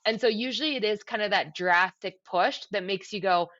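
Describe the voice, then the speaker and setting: A woman's voice: medium pitch, moderate pace, a bit bright. A woman co-hosting a podcast, reflecting aloud and asking probing questions. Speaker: podcast co-host. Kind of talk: casual chat. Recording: dull lo-fi sound.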